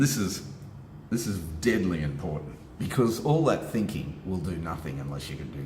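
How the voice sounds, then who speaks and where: A man giving a motivational self-help talk, laying out steps with emphatic, animated delivery. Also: low voice, normal speed, slight background noise. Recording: echoey room with faint ambience.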